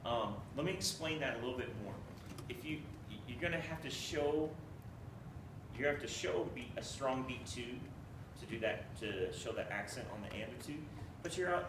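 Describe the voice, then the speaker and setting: A man teaching a conducting class, giving encouraging feedback and humming rhythms to demonstrate. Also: medium pitch. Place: rehearsal classroom. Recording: echoey room, from far off, noisy.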